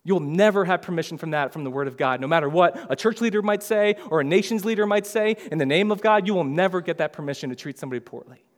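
A pastor preaching a sermon in a casual, conversational way, acting out the lines of biblical figures in lively voices. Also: male voice, sits high, fast, hardly any pauses, long reverb tail.

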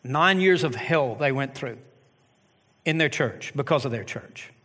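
A middle-aged man preaching a sermon as pastor of his church, animated with joking asides. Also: mid-range voice, unhurried. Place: church sanctuary. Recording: long hall reverb.

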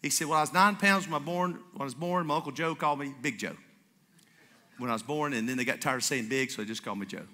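A pastor delivers a sermon full of stories, energetically acting out the characters' dialogue in a mid-range voice at a fast clip. He's on a stage mic in a church sanctuary with a congregation, and the hall sounds reverberant.

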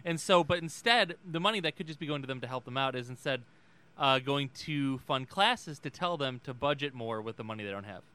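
A man's voice: medium pitch, lively intonation, a little fast, bright, forceful tone, clean tone. A man co-hosting a podcast, hesitant and blunt in casual chat, leaning on fillers. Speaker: podcast co-host.

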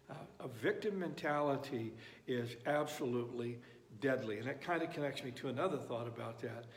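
A man preaching a sermon, emphatic and repeating phrases for effect. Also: mid-range voice. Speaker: pastor. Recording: echoey hall reverb.

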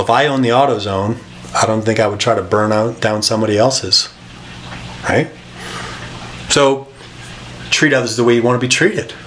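Male pastor, casual conversational sermon, rhetorical questions, mid pitch. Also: fairly bright tone.

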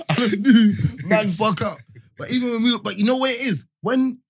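A young man trades loose, slang-heavy banter as a podcast co-host. His voice sits notably high for a man, and he rambles along at an easy, unhurried pace. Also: breathy edge. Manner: laid-back, slangy, rambling. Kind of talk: casual banter.

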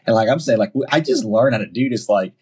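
A podcast guest with a husky, low voice and a Southern US accent tells stories in a relaxed, casual chat. He's lively, acting out quotes from himself and others in quick bursts.

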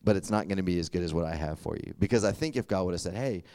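A man's voice: low-pitched, very fast, a little mellow, dry recording, studio quality. A young man giving a casual, conversational sermon, often stopping to check "does that make sense?". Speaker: youth pastor.

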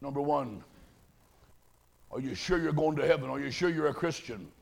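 A man preaching a sermon, telling a story dramatically and swinging from hushed tones to shouting. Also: a little high, normal speed, vocal fry.

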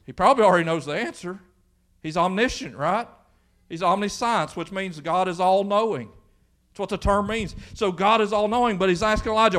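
A man's voice: sits high, a little fast, fairly bright tone. A man preaching a folksy sermon in church, acting out the voices from the Bible story. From Kentucky. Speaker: pastor.

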